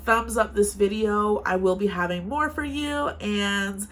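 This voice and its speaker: A woman's voice: mid-range voice, unhurried, noisy background. A young woman vlogging casual advice to camera, chatty and frank, telling stories from her own life. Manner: chatty, frank, animated storytelling.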